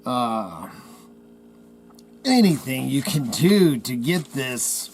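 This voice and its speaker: A man's voice: mid-range voice, sing-song, extremely slow, slight background noise. A man hosting his channel from a trading post, ranting in an agitated, rambling way with folksy slang about a cover-up. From Idaho. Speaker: channel host. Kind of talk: heated rant to camera.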